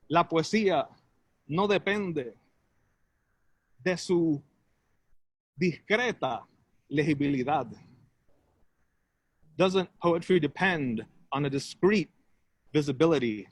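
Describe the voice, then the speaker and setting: Walking around his house and talking into a phone, a poet improvises a poem, translating himself as he switches between two languages line by line. His phrases come out halting and drawn out, in a fairly high voice.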